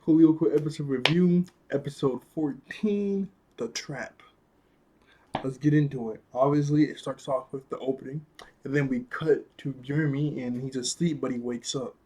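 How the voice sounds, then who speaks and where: A man's voice: medium pitch, moderate pace, warm tone, a little hiss or hum. Rambling, chuckling man reviewing cartoons. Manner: rambling, chuckling, filler-heavy retelling. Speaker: episode reviewer. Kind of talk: casual cartoon episode review.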